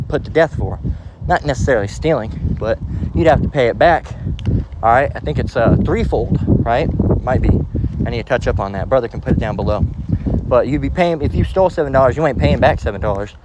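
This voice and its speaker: A man teaching from the Bible in a casual way, out of breath as he walks outdoors and slowing down to read verses aloud. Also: medium pitch, lively intonation, heavy background noise. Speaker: preacher. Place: outdoors, walking near traffic.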